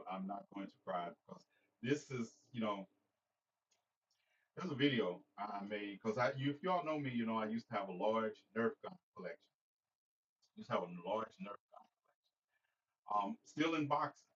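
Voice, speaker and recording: A man's voice: lowish voice, normal speed, pauses often, fairly bright tone, recorded from a distance, a little hiss or hum. A man hosting a casual livestream, joking and rambling as he talks to viewers by name. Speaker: livestream host. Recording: dull lo-fi sound, slightly off-mic.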